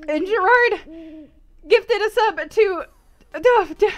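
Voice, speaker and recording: Super high-pitched giggly streamer girl, slow unhurried delivery, thanking chat and reading off names. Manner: giggly and effusive, reading out long lists of names. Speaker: livestreamer. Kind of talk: casual livestream chat, thanking viewers.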